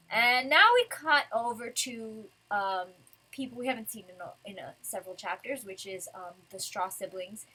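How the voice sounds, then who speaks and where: A woman with a fairly high voice walks through a manga chapter in a casual, rambling way. She giggles, trails off and fills gaps with ums. It sounds like a fan chatting to her viewers at home. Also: moderate pace, bright, forceful tone, husky, low-quality recording. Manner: rambling, giggly, full of fillers. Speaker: manga reviewer.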